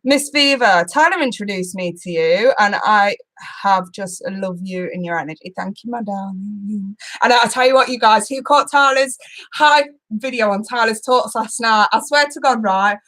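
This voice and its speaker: A woman's voice: medium pitch, moderate pace, fairly bright tone. A young woman hosting a casual live stream, chatting with her viewers and often laughing and swearing. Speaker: tarot channel host.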